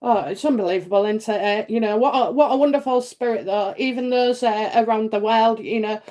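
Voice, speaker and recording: A woman's voice: fairly high pitch, a little fast, darkish tone. A woman hosting a live psychic reading stream, chatty and reassuring, with many fillers and frequent "okay?" checks. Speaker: psychic host answering viewer questions.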